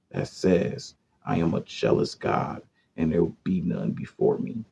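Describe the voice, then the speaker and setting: A man giving a casual, profane monologue on esoteric topics, swinging between loud rants and muttered asides. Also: deep voice, creaky, husky. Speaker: esoteric lecturer. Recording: dull lo-fi sound.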